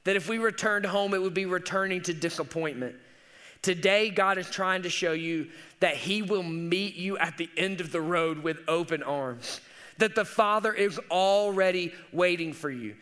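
A man's voice: sits high, bright, forceful tone. A young man preaching a sermon as a teaching pastor, earnest and conversational with casual asides.

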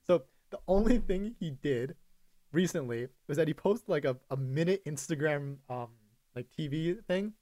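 A young man co-hosting a podcast, rambling through casual chat, full of fillers and quick laughs. His voice sits a bit high for a man, and it is recorded close and dry. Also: expressive, warm tone, no room sound.

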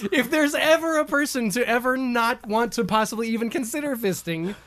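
A podcast co-host in casual banter, riffing with quick jokes. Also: mid-range voice, fairly bright tone.

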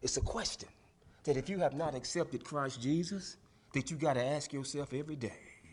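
In a church sanctuary, a male preacher delivers a sermon at normal speed in a slightly high voice. He swings from hushed whispers to shouted lines and draws call-and-response from the congregation.

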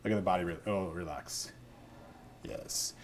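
A man's voice: sits low, normal speed. Laid-back, cursing male dog trainer. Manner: laid-back, swears casually, drops to soft murmurs with the dog. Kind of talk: casual demonstration talk.

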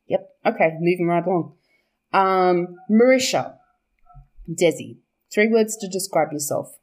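A woman's voice: on the low side, slow pace, long pauses, darkish tone. A young woman, chatting casually about her book's characters, laughing often, swearing and correcting herself as she goes. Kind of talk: casual chat.

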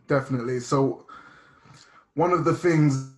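A man's voice: mid-range voice, measured pace. A young man guesting on a podcast, talking openly and reflectively about arguments with his girlfriend, with many restarts. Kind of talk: casual podcast chat.

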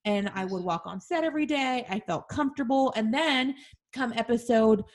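A woman with a slightly high voice talks through her own past in a relaxed, candid way. She turns each memory over out loud as if confiding in a friend, honest and self-reflective. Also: normal speed. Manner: open, self-reflective storytelling. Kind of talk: candid conversational chat.

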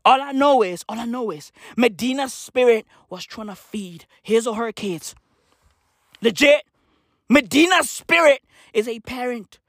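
A comedian delivering a manic, profane rant that swings between shouting and muttering. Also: medium pitch, expressive, measured pace, dry recording, studio quality.

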